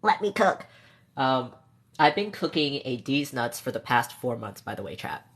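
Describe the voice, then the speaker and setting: A man's voice: mid-range voice, expressive, moderate pace. A young man streaming live, emotional and close to tears, talking to his chat with laughs and restarts. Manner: emotional, tearful, laughing between words; reads chat comments aloud softly.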